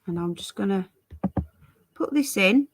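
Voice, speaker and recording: A woman's voice: mid-range voice, expressive, unhurried, slight background noise. An English woman chatting casually on a live stream, greeting viewers by name while fiddling with her stream settings. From England.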